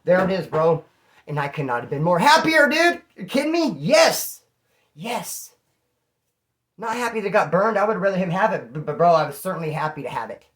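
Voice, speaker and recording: A man from California, a former inmate, telling a prison story casually to camera in slangy, animated talk full of bro and dude. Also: fairly high pitch, fast talker.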